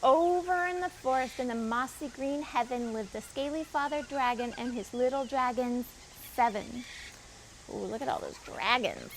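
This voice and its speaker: A woman reads a children's picture book aloud in a high, bright-pitched voice, turning to the young listeners with questions between pages. Her storytime delivery is expressive. Faint outdoor sounds with birds drift in behind her. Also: normal speed, slight background noise, rough recording. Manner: expressive reading with asides to the children. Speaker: children's librarian.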